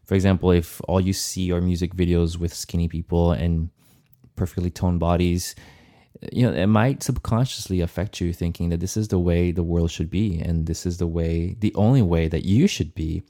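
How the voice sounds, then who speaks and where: A man's voice: deep voice, steady tone, moderate pace, dark tone. A man co-hosting a podcast, speaking thoughtfully and with some hesitation in casual chat. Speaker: podcast co-host.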